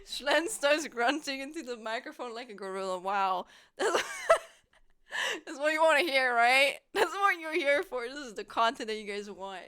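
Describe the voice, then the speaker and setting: A woman's voice: high-pitched, animated, normal speed, pushed and bright, smooth. A young woman from Germany, chatting casually with viewers on a live stream, giggling often and rambling playfully.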